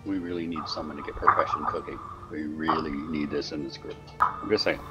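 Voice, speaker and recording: A man's voice: extremely low pitch, a little slow, over loud music. A man playing in a tabletop game, rambling and hesitant with many fillers. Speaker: player. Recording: dull lo-fi sound.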